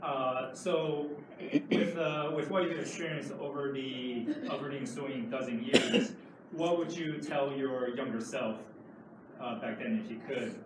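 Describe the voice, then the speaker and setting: A man in the audience asking a panel guest a question, hesitant and filling pauses with uh. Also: medium pitch, steady tone, background noise. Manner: hesitant, many uh fillers. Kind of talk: question from the floor. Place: large convention hall. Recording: distant, echoey hall with chatter.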